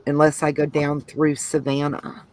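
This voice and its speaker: A woman's voice: low voice, measured pace, rough recording. A woman from Georgia co-hosting a craft live stream, reading viewer comments aloud. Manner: relaxed, reads out comments.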